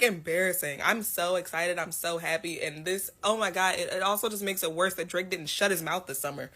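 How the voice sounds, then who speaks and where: A woman talking casually in an excited, gushing way, laughing between remarks. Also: on the low side, a little fast, hardly any pauses. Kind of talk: casual opinion video.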